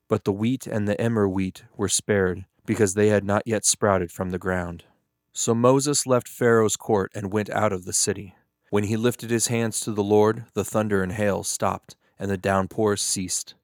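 Low-voiced man reading scripture. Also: dry recording, clean studio sound. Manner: steady, measured reading. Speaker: Bible reader.

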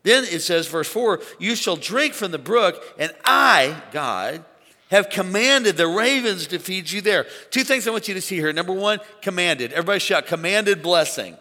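A man preaching an animated sermon to a church congregation, calling on them to shout along. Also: high-pitched, moderate pace. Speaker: pastor. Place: large church auditorium. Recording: long hall reverb.

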